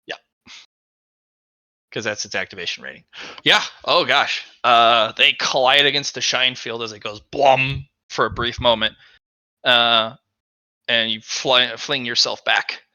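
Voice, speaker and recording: A male game master narrating a tabletop session, explaining rolls and throwing in playful sound effects. His voice is very bright and crisp, recorded dry and close. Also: medium pitch, fairly even intonation, measured pace, pauses often, no echo, muffled recording.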